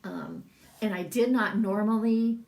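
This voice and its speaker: A woman's voice: mid-range voice, a little slow, creaky, a little mellow, reverberant, distant mic. A middle-aged woman, a massage business coach, talking in a casual, rambling livestream and reading out viewer comments. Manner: chatty, rambling, laughs often, reads viewer comments.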